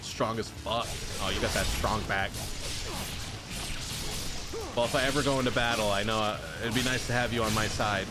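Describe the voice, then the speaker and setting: A man's voice: lowish voice, fairly even intonation, normal speed, pauses often. A man streaming a video game, chatting casually with viewers in joking, rambling, self-mocking banter. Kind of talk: casual live-stream chat. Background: game music.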